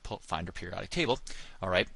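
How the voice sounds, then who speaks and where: In a recorded classroom lesson, a man with a low, gravelly, slightly bright voice teaches chemistry at a fast clip. He explains step by step, often using fillers like "of course" and "all right."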